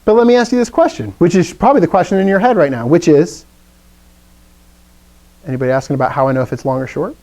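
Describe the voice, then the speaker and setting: Man, Greek teacher, live classroom lesson, animated and playful, mellow tone, slightly high voice. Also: fast, pauses often, low-quality recording. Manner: animated, playful explaining with questions to students.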